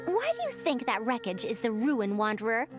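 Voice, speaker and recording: An actress playing a proud, sharp-minded female scholar of old machines in a video game, measured, confident and a bit formal. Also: a little high, very animated, music in the background. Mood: curious.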